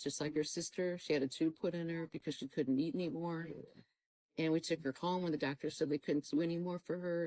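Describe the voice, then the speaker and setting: A middle-aged woman with a low, warm voice tells her personal testimony in earnest. She acts out her own past dialogue as she goes. The sound is dry and close. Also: dry recording, poor audio. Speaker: guest telling her testimony.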